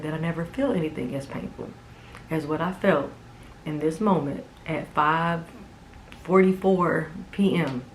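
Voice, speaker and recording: Twenties woman vlogging her story, low voice, chatty and emphatic, lots of "like". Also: slight background noise, poor audio. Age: 20s. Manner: casual and emphatic, with many "like"s and "okay?". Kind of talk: personal storytelling vlog.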